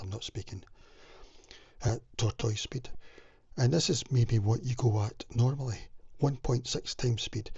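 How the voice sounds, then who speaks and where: Man from the UK, husky and low, rambling vlog advice on a dull lo-fi recording. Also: darkish tone, dry recording. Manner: rambling, with many fillers and restarts; drops into whispers now and then. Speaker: self-help vlogger. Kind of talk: casual rambling advice talk.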